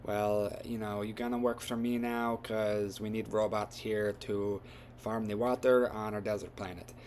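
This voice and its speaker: A man doing an excitable young farm-boy hero. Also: fairly low pitch, a little slow, a little hiss or hum, natural voice. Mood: eager. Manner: excitable, slangy.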